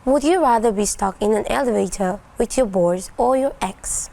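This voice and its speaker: Mock AI announcer, put on by a woman, stiff and gravelly, slightly high. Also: normal speed, mellow. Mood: mock robotic. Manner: mock-robotic reading of a question.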